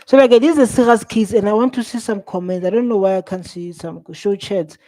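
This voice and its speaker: A man's voice: sits high, fairly even intonation, fairly quick, a little mellow. South African man scolding in reaction commentary. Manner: exclaiming, scolding, repetitive. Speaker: reaction video host.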